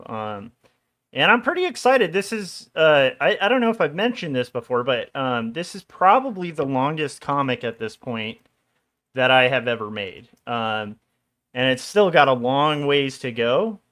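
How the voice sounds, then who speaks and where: His mid-range, slightly bright voice carries a relaxed, rambling chat as he streams his illustration work. He's in his forties and drops small jokes while he draws.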